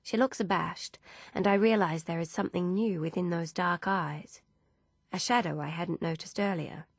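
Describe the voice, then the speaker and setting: Low, gravelly woman narrating a novel. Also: dry recording. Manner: steady, measured storytelling. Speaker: audiobook narrator. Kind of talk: scripted narration.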